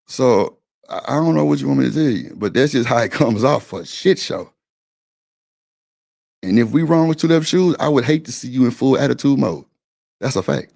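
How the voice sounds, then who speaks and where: A man's voice: mid-range voice, creaky, darkish tone. A man hosting a live-stream panel, arguing his point in a blunt, profane, insistent way. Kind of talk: heated casual argument.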